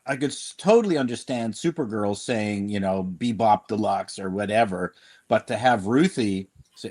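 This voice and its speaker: A man's voice: fairly low pitch, moderate pace, darkish tone. A man on a podcast panel, chatting casually in a rambling, hesitant way. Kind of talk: casual chat.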